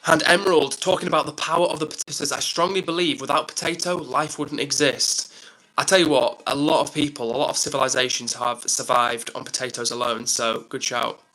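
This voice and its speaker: A man's voice: medium pitch, steady tone, brisk, sharp tone, rough recording. A man from England hosting a casual live stream, rambling upbeat through viewer comments with lots of fillers.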